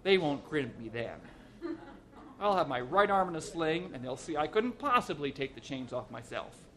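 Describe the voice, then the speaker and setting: A man's voice: very animated, moderate pace, fairly bright tone. A man doing a meek daydreamer playing it cool. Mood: mumbling. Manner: low, cool and clipped.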